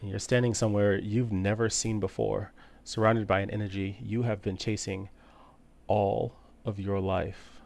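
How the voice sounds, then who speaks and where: A low-voiced man runs a tabletop game on a stream, talking loosely with plenty of ums and uhs. When the scene turns eerie he lowers his voice and slows down, keeping a relaxed flow. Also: creaky. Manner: relaxed, many fillers, drops quiet for eerie narration. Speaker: game master.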